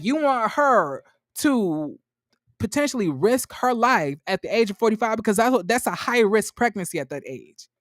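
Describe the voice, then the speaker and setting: A man giving a casual, sassy commentary recap, blunt and profane, rambling with fillers, his voice jumping high when riled. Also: a bit bright, no room sound, clean studio sound. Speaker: commentary vlogger.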